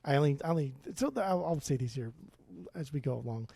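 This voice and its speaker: Guy cohosting a podcast, mellow darker voice, swears a lot, rambles, dry mic. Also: a little high, fast talker, vocal fry, husky, dry recording. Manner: profane, rambling, animated opinions. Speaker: podcast co-host. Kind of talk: casual podcast chat.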